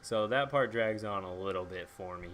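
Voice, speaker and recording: A man's voice: lowish voice, a bit bright, a little hiss or hum. A young man chatting casually about a book and its movie, swearing freely and acting out lines. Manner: acts out characters' lines in quick asides. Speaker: book reviewer.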